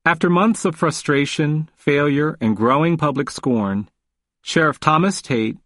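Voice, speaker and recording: A man reading a memoir audiobook in a measured, earnest way. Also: on the high side, fairly bright tone, no room sound, clean studio sound. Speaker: narrator.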